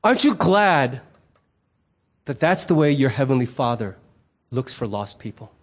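A man's voice: medium pitch, normal speed. A middle-aged man, a pastor, preaching a sermon in a conversational, humorous way and acting out the voices in his stories. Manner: animated storyteller who acts out quoted voices.

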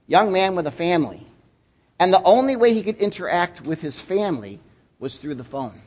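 A man pastor giving a sermon, telling the story in an animated way and acting out voices, with casual slang. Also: sits high.

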